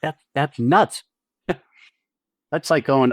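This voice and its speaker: A man co-hosts a podcast about acting, laying out technique in a blunt, profane, emphatic way, often restarting his phrases. His voice sits on the low side. The sound is dry and close, with no room around it. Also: lively intonation, moderate pace, dry recording. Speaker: podcast co-host and acting teacher. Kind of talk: casual explanatory chat.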